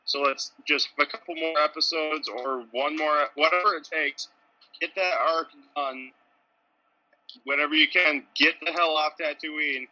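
A man's voice: fairly high pitch, steady tone, a little slow, sharp tone, dull audio. A man in a casual podcast chat, dryly offering trivia and facts.

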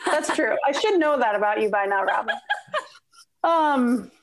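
A woman's voice: fairly high pitch, measured pace, low-quality recording. A woman with a Minnesota accent, a guest on an interview podcast, talking frankly and casually. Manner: frank, relaxed, swears casually. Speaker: podcast guest, donor conception coach.

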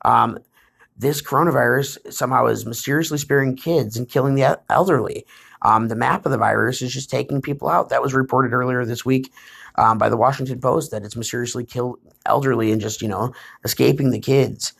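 Tired, gravelly-voiced man. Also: mid-range voice, fairly quick, fairly bright tone. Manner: urgent, repetitive addresses to "guys". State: tired, yawning. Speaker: political commentary host. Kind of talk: casual political commentary.

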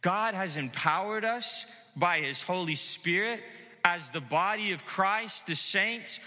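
A man preaching a sermon, measured and emphatic, asking rhetorical questions. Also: high voice, sharp tone, in a large hall. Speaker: pastor.

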